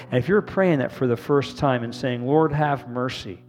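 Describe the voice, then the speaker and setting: A man's voice: mid-range voice, moderate pace, hardly any pauses, darkish tone. A man, a pastor, leading an earnest sermon prayer, calling the congregation to repeat responses after him.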